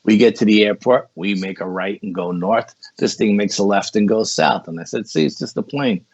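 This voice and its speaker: A man with a low, husky voice tells a story as a podcast guest. He rambles along casually and keeps saying 'you know'. The sound is dull and lo-fi, with a dry room. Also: fairly even intonation, normal speed, a little mellow, no echo. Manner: rambling, repeats words and says 'you know' often.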